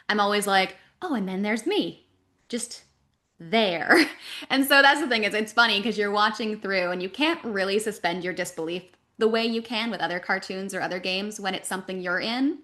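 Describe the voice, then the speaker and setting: Canadian woman voice actor chatting in an interview, lively and quick, lots of ums and likes. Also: mid-range voice. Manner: animated, talks in quick runs with fillers. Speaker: voice actress guest. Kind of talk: casual interview talk.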